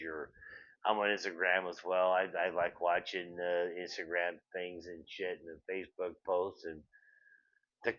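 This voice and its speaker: A man's voice: low voice, fairly bright tone. An older man hosting a show, ranting in a profane comedic style, repeating himself and drifting off on tangents. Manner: swears constantly, repeats words, trails into tangents. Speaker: show host. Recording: dull lo-fi sound.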